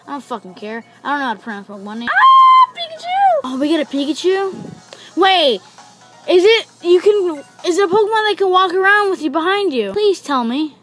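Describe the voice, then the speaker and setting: A young woman giving let's-play commentary, excitable, gasping, swearing and shouting at the game. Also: extremely high pitch, brisk, soft background music, rough recording. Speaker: gaming YouTuber.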